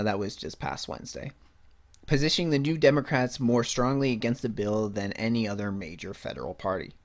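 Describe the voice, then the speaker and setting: Blunt, sarcastic podcast host, lowish voice. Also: male voice. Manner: sarcastic, blunt, swears, laughs at his own points. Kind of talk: casual opinion commentary, reading news aloud.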